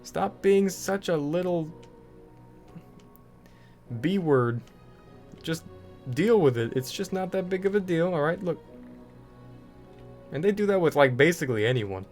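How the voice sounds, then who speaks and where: A man's voice: on the high side, lively intonation, measured pace, long pauses, a little mellow, faint music behind. A young man ranting casually over gameplay, full of fillers and restarts. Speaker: gaming video creator.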